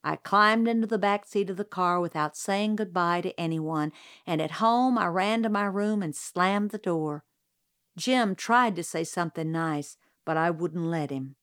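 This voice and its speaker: A woman narrating a first-person story as an audiobook reader, even and unhurried. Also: on the low side, no room sound, studio quality.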